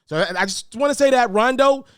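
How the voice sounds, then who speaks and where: A man giving casual, animated basketball commentary, often repeating words and jumping up in pitch for emphasis. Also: a little fast, smooth, no echo, studio quality.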